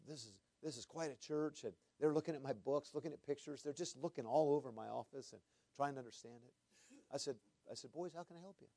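A man preaching from the pulpit with earnest feeling. His voice sits at a middle pitch and sounds close and dry. He often repeats his words and drops from loud to hushed. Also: no room sound. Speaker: pastor. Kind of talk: sermon storytelling.

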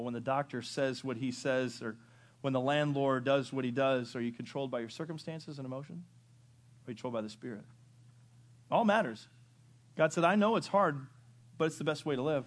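A man preaching a sermon, moving from loud rising questions to low quiet asides. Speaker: pastor. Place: church sanctuary.

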